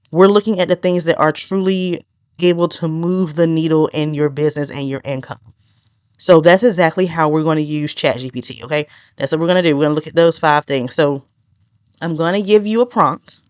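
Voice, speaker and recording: A woman's voice: deep voice, no room sound. A woman hosting a solo podcast as a business consultant, chatty and direct, with laughing asides. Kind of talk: casual solo podcast teaching.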